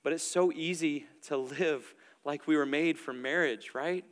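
A young adult man preaching a sermon in a relaxed, conversational way, with plenty of filler words. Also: fairly high pitch, a little slow, clean tone. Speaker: pastor. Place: church auditorium stage. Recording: long reverb from a large hall.

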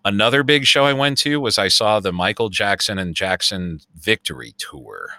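A man's voice: on the low side, expressive, normal speed, bright, forceful tone, no echo, studio quality. A man in his fifties with a Chicago accent, telling a long story in casual podcast chat and swearing freely. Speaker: podcast co-host.

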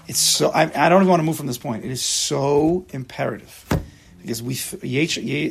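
Male Torah teacher, gravelly husky voice, punchy classroom delivery. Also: fairly high pitch. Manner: emphatic, mixes Hebrew terms into English. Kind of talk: lecture to a class.

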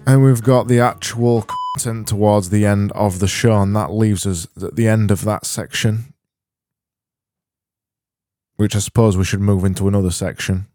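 Low mellow guy doing a solo comedy podcast, deadpan n self-mocking, dry sound. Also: moderate pace, no room sound, soft background music. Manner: rambling, self-deprecating, deadpan. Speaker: podcast host.

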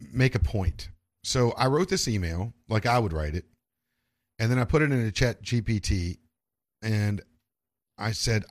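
A man hosting a casual podcast, rambling with frequent restarts and swearing. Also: mid-range voice.

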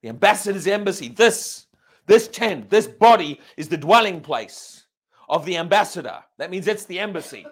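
Male pastor, sermon delivery, emphatic and questioning, higher voice with very lively pitch. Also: moderate pace, husky. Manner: emphatic, asks the congregation questions.

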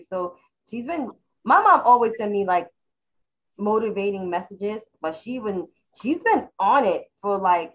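A woman's voice: medium pitch, expressive, moderate pace, a bit bright, poor audio. A woman co-hosting a podcast, candidly telling a personal story in a rambling, casual way. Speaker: podcast co-host. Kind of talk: casual chat.

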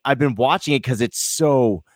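A man's voice: mid-range voice, moderate pace, no echo, clean studio sound. A man co-hosting a podcast, joking and swearing in casual chat. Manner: joking, profane.

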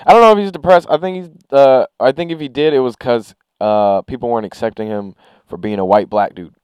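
A man's voice: mid-range voice, brisk, a little mellow, clean tone, no room sound. A man co-hosting a podcast in casual chat, talking bluntly with plenty of swearing and filler words. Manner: blunt and profane, lots of fillers. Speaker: podcast co-host.

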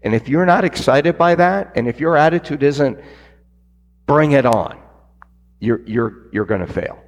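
A man's voice: fairly high pitch, measured pace, in a large hall, muffled recording. A man who owns a business, telling a story in an interview and acting out the voices of people he quotes. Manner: animated, acts out quoted voices. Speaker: business owner guest. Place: stage event.

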